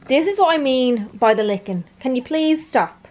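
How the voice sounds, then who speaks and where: A woman's voice: high voice, expressive, normal speed, a little mellow, slight background noise. A young woman vlogging at home, cooing at her dog in gushing baby talk and chatting to the camera. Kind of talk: casual vlog chat.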